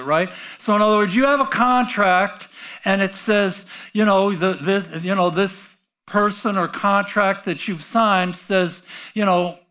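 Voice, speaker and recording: A man's voice: high-pitched, sharp tone. A man preaching a sermon in a conversational way, asking the audience rhetorical questions and often restarting his words. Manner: halting restarts and repeated words.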